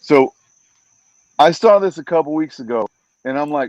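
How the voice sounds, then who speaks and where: A man who works as a fight announcer, a podcast guest telling stories in a casual, animated way and acting out what other people said. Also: a little high, normal speed, pauses often, dry recording. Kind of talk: casual storytelling in a podcast interview. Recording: dull, dry podcast audio.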